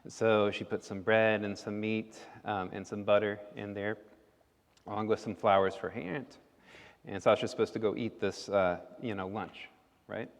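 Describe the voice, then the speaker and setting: Man, children's storyteller at service, low voice, roomy church echo. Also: fairly even intonation, normal speed. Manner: playful, asks the children questions. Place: church sanctuary. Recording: echoey hall.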